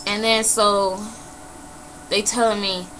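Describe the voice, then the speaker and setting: A young woman vlogger telling a personal story in a blunt, animated way, swearing freely and saying "you know" a lot. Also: medium pitch, slow pace, slight background noise, low-quality recording. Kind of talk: casual emotional storytelling.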